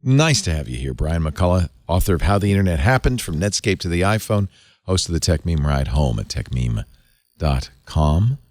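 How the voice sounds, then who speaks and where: A man's voice: low voice, normal speed, no room sound. A middle-aged man hosting a tech panel show, chatting casually with laughs and reading ads. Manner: animated, conversational, laughs often. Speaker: show host. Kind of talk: casual panel chat and read advertisement.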